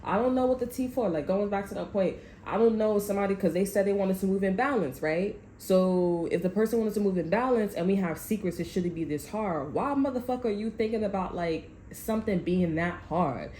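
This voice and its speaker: A woman's voice: mid-range voice, fairly quick, hardly any pauses, warm tone. Slangy rambling woman, echoey room. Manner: rambling, slangy, swears freely, laughs often. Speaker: tarot reader. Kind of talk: casual storytelling to camera. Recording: echoey room with faint background noise.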